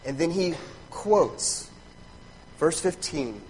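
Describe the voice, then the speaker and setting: A man's voice: a little high, lively intonation, takes it slowly, darkish tone, slight background noise, rough recording. Emphatic man preaching a sermon. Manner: emphatic, rhetorical questions with frequent "right?". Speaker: pastor. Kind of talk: expository sermon.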